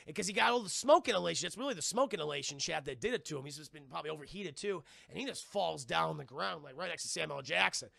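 A man recaps a movie on a casual livestream, excitable and profane, stumbling over restarts. His voice is strongly gravelly and very bright. The sound is dry and close. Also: a little high, fast talker, few pauses, dry recording. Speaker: streamer and movie reviewer.

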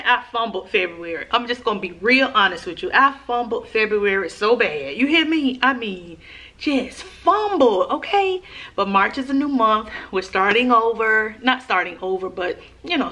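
Sitting on the floor in a dim room at home, a woman vlogs casually to camera. She talks in a chatty, slangy, animated way with a mid-range voice.

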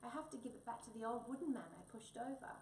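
A woman's voice: a little high, lively intonation, quick pace, darkish tone, natural voice. An eager, muddle-headed young wombat chirps in a sing-song, childlike way, as a woman puts him on with a raised voice. The storybook reading rings through an echoey room, caught from some distance with a faint hum behind.

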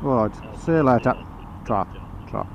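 A man's voice: medium pitch, lively intonation, moderate pace, creaky, muffled recording, noisy background. A man with a Black Country accent, rambling and laughing in casual chat while out on a motorcycle, talking over a helmet intercom. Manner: rambling, chatty, laughs a lot. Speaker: motorcycle vlogger. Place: outdoors on a motorcycle.

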